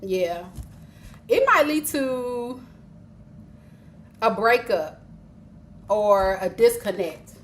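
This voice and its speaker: A woman reads tarot cards live for her viewers, speaking slowly in a fairly high voice. She teases, chats and laughs a lot between readings. A faint background hiss sits under her voice. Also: sing-song. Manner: chatty, laughs often, teasing, talks straight to viewers. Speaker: tarot reader.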